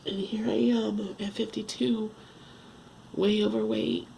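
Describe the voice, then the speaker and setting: A woman in her fifties talking at home in a confessional vlog, halting and earnest, restarting often as she searches for words. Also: medium pitch, little pitch movement, gravelly, warm tone, slight background noise, rough recording. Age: 50s. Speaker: vlogger.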